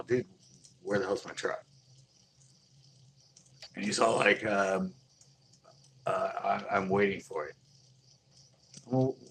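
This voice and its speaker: A man tells a story in a low, relaxed voice. He talks in easygoing slang and acts out both sides of the conversation with lively swings. A faint hiss sits under the recording. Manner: laid-back slang, lots of "dude" and "like". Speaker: boutique owner telling a story. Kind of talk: casual storytelling.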